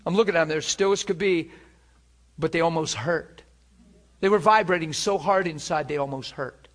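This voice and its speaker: Preacher, male, high voice, animated testimony sermon, drops to a hush then swells loud, chuckles through it. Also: moderate pace. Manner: animated storytelling, swings between hushed and loud; chuckles often while speaking.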